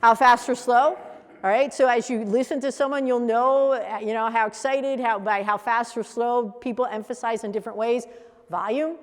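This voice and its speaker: Woman running a coach training workshop, acts out voices, kinda high pitched, lots of hall echo. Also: moderate pace. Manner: animated, acts out example voices. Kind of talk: workshop teaching to a live group. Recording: echoey hall reverb.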